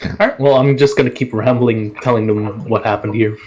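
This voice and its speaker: A man's voice: fairly low pitch, fairly even intonation, a little fast, a little mellow, rough recording. Rambling man playing a tabletop game. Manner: hesitant, rambling, full of likes and uhs. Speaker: player. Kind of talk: casual game chat.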